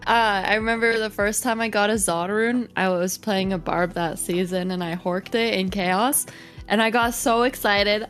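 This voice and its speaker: A woman's voice: medium pitch, steady tone, normal speed, faint music behind. Giggly, bubbly woman guest. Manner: giggly and bubbly, with frequent "like" fillers. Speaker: guest, streamer and content creator. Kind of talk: casual interview chat.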